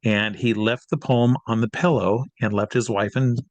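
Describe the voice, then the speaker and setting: A man from Iowa telling a long personal anecdote as an interview guest, lively, his voice jumping high when he reenacts scenes. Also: normal speed, no room sound. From Iowa, USA. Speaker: interview guest, hypnotist and magician.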